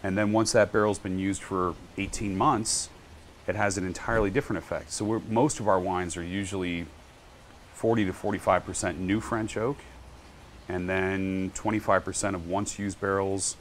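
A man's voice: low-pitched, normal speed, a little hiss or hum. A man, a winemaker, telling stories in a casual podcast interview and acting out what others said. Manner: animated storyteller, acts out quotes. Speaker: guest winery owner and winemaker.

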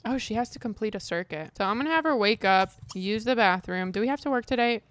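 A woman's voice: mid-range voice, lively intonation, quick pace, no echo. A woman giving casual, chatty gameplay commentary as a streamer, exasperated and swearing lightly. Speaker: gaming streamer.

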